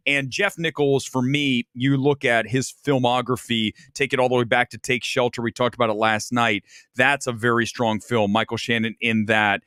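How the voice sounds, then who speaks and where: A man's voice: mid-range voice, a bit bright, no echo, studio quality. A man from Ohio hosting a casual live-stream film review, opinionated and talking straight to his viewers. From Ohio, USA. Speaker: movie review host.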